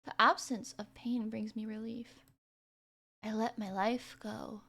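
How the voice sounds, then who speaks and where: A woman's voice: a little high, flat delivery, a little slow, creaky, pushed and bright, exaggerated voice. A young woman voicing a weary, self-pitying young woman office worker, reading the game's lines aloud in her own voice. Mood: dreamy. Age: young adult. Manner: reads lines in her own voice, dramatic on pain. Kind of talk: voicing a game character aloud.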